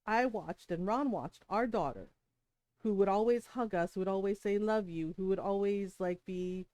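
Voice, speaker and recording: A woman's voice: mid-range voice, normal speed, dark tone, no echo, low-quality recording. A middle-aged woman streamer telling a personal story in casual, heated talk, often swearing and tagging "right?" onto her sentences. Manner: heated, profane, rhetorical "right?" asides. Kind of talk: casual storytelling while gaming.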